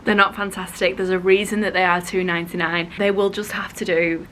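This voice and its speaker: A woman's voice: fairly low pitch, little pitch movement, a little fast, a bit bright, a little hiss or hum. A young woman, heavily pregnant, chatting casually and gushing in a vlog, with the odd swear. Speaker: vlogger.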